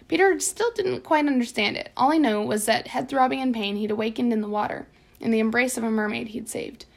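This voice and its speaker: Gravelly-voiced woman reading a novel. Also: on the high side. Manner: expressive storytelling. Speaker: audiobook narrator.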